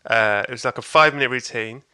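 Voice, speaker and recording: A man's voice: medium pitch, quick pace, bright, forceful tone, smooth. A man, a comedian, telling a story in casual chat, laughing often and acting out voices. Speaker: stand-up comedian guest.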